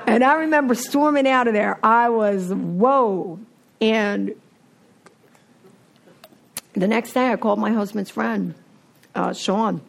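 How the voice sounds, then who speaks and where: A woman's voice: fairly high pitch, takes it slowly, creaky, long pauses. A woman telling her recovery story candidly, acting out what people said. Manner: candid, animated storytelling with acted-out quotes. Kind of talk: recovery meeting talk.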